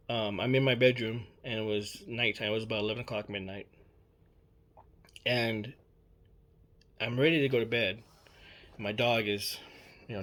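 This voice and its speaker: A man's voice: fairly low pitch, fairly bright tone. A young man telling a personal story in a casual, rambling way, repeating himself with lots of fillers and swearing. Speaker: storyteller recounting a personal experience. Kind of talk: casual spoken account.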